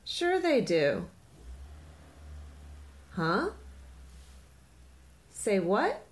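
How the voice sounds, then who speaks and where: A woman's voice: mid-range voice, huge pitch swings, extremely slow. A woman reading a children's picture book aloud in a playful way, slipping into small voices and silly laughs.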